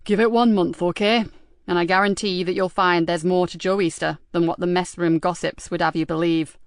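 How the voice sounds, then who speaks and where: A woman's voice: on the low side, fairly even intonation, a little fast, clean tone, no echo, lightly acted. Blunt, firm male superintendent, read by a woman. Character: gruff loyal male police superintendent.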